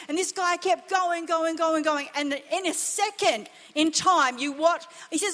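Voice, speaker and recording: High-voiced woman preaching passionately. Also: measured pace, hardly any pauses, a bit bright. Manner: impassioned, emphatic preaching with repeated phrases. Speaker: pastor. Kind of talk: sermon. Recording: long reverb of a church hall.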